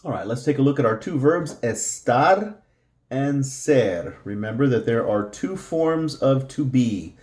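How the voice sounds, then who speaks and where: A man's voice: medium pitch, lively intonation, a little slow, a little mellow, reverberant. A man teaching a beginner language lesson, explaining patiently and repeating each word several times. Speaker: Spanish teacher. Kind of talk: slow classroom explanation.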